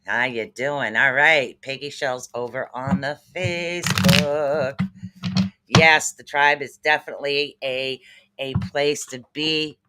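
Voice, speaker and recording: A man's voice: mid-range voice, slow pace, bright, forceful tone, slight background noise. A man hosting a live stream as a spirit reader, greeting viewers by name in a chatty, rambling way. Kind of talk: casual live-stream chat.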